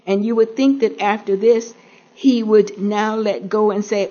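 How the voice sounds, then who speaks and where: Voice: mid-range voice, steady tone, unhurried, warm tone, lo-fi sound. A preacher giving an earnest sermon, asking the listeners questions and paraphrasing scripture in homely words.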